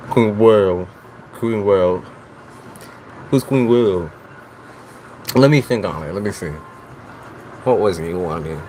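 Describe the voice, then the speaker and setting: A man's voice: lowish voice, slow, long pauses, darkish tone, slight background noise. A man hosting a live tarot stream, chatting casually with viewers in a teasing, profane way. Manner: teasing, profane, talks straight to chat. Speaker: tarot reader host.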